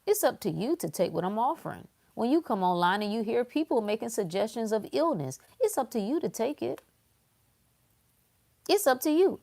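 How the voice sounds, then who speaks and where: A woman's voice: medium pitch, gravelly, darkish tone. A woman hosting a casual motivational livestream, talking emphatically to her viewers and repeating phrases to drive her points home. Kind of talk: casual motivational talk to a live audience.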